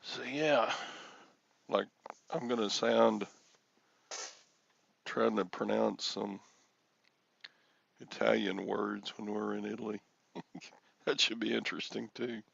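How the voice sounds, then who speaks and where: A man's voice: fairly low pitch, fairly even intonation, slow, gravelly, pauses often, a bit bright, lo-fi sound. A man hosting a casual solo livestream, rambling and self-deprecating as he greets viewers by name. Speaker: livestream host.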